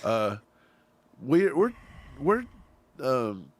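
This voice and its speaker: Man, from Kentucky, joking co-host, lively swinging pitch, casual chat. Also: very slow. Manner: animated, joking. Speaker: co-host of a fan show. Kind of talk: casual livestream banter.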